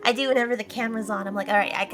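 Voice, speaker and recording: A woman with a Southern American accent chatting casually as a guest, talking fast and animated. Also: fairly high pitch, soft background music. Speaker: guest streamer. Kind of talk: casual chat.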